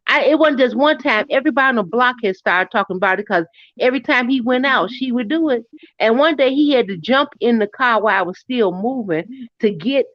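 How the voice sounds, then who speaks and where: A middle-aged woman chatting casually and telling a family story, her pitch jumping when she quotes people. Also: animated, brisk, dry recording. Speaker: co-host. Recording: dry, muffled lo-fi audio.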